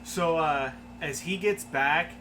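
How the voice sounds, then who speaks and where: A man's voice: on the high side, slow, bright, forceful tone. Laid-back man running a tabletop game. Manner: laid-back, laughs along with players. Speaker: game master. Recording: noisy stream audio.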